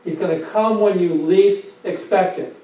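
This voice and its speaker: A man's voice: sits high, fairly even intonation, moderate pace, warm tone. A male pastor preaching a sermon with emphasis, asking rhetorical questions and repeating his phrases. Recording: echoey, dull sound from a distant mic.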